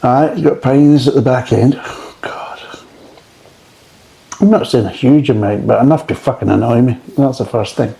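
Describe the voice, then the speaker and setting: A man's voice: medium pitch, fairly quick, creaky, few pauses, mellow, low-quality recording. A middle-aged man with a Scottish accent reviewing beer in a blunt, grumbling way and swearing often.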